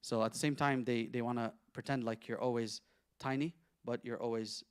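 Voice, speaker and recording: In this studio-quality, echo-free clip, a sheikh teaches the Quran interactively and conversationally, asking questions of his audience and reciting Arabic verses rapidly. His mid-range voice is clear and resonant, with fairly level intonation.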